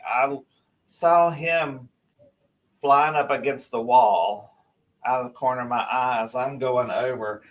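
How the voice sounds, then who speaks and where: A man tells a long story as a show guest. He rambles and restarts, animated and lively as he goes. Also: medium pitch. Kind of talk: casual storytelling on a live show.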